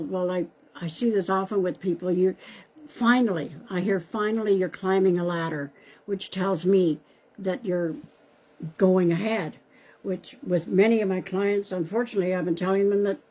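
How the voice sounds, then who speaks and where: Woman psychic on a live stream, husky, mellow, chatty, calls viewers by name. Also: mid-range voice, moderate pace, rough recording. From Canada. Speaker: psychic medium. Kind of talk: live-stream card reading. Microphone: live-stream device mic.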